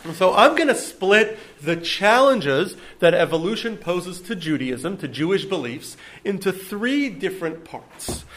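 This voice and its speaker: A man's voice: high-pitched, fairly bright tone. Man lecturing with frequent ums. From United States. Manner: hesitant, many ums and restarts. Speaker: lecturer on Judaism. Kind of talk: public lecture to an audience.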